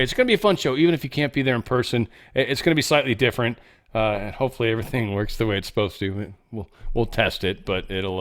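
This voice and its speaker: A man hosts a casual online show and talks through the news in a loose, chatty way. He trails off, restarts and throws in joking asides. His pitch sits in the middle of the usual range for a man. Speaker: show host.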